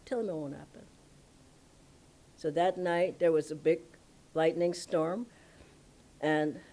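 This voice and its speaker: A woman spiritual teacher telling stories at a satsang, emphatic and animated, often breaking into laughter. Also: sits low. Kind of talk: storytelling satsang talk. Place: ashram satsang hall.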